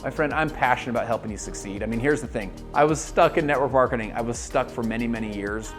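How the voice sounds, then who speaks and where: Man, motivational network marketing coach, direct-to-camera, energetic, faint music under. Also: mid-range voice, fast talker. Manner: energetic, talks straight to the viewer, full of quoted voices. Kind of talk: motivational video talk.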